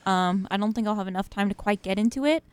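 A woman's voice: medium pitch, quick pace, clear, resonant tone, no room sound. A young woman hosting college freeform radio, chatting casually and rambling between songs with lots of fillers and laughs. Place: radio studio.

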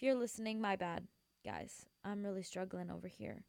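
A woman's voice: medium pitch, moderate pace, creaky, a little mellow, dry recording. A young woman hosting a radio show, chatting casually and rambling between songs while sleepy and yawning, gushing with many fillers. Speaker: radio host.

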